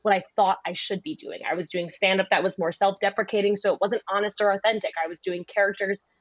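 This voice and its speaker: A young woman comedian chatting on a podcast, rambling and animated, often slipping into voices. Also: mid-range voice, fast, dry recording, dull audio. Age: young adult. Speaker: comedian guest. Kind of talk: casual podcast chat.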